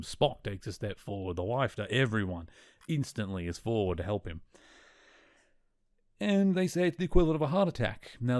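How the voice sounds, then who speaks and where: A man's voice: on the low side, darkish tone, dry recording, clean studio sound. A man hosting a podcast, casually recapping a TV episode and retelling scenes with quoted lines. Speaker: podcast host.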